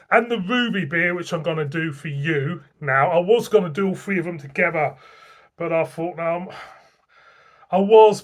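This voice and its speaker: A man's voice: high-pitched, fairly bright tone. A man with a Northern English accent reviewing beer in a blunt, rambling, sweary way. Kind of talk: casual beer review vlog.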